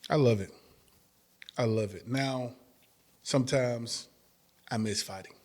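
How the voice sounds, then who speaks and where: A former fighter telling stories in a casual interview, acting out quotes and laughing often. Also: male voice, mid-range voice, takes it slowly. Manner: animated storyteller, acts out quotes, laughs often.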